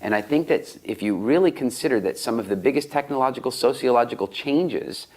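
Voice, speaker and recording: A middle-aged man being interviewed, telling stories in a lively conversational way. His voice jumps up when he quotes other people. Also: a little fast. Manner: animated, rises in pitch when quoting others. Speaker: interview guest, speaker and coach.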